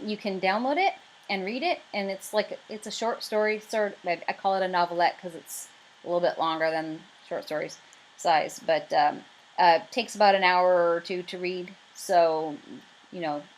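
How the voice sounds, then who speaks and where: A woman's voice: on the low side, normal speed, low-quality recording. A woman with a Canadian accent talking casually to camera about her writing campaign, chatty and rambling with lots of fillers. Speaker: writer pitching her crowdfunding campaign.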